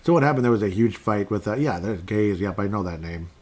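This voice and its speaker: Male podcast host, lower register, loose and chatty, reads fan comments on air. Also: lively intonation, fast, a little mellow. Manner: rambling, chatty, reads fan posts aloud. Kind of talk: casual solo sports podcast.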